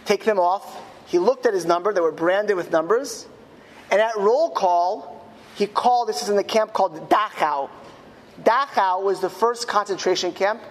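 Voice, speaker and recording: A man, a rabbi, telling a story in a speech to school students. He slows down emphatically on key words. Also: high voice, long reverb tail, a little hiss or hum. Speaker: rabbi giving a talk at a school. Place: school hall.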